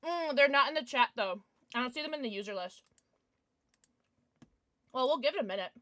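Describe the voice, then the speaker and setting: A young woman streamer chatting casually and excitedly to her viewers, now and then cooing at her dog in baby talk. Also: high-pitched, fairly quick. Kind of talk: casual livestream chat.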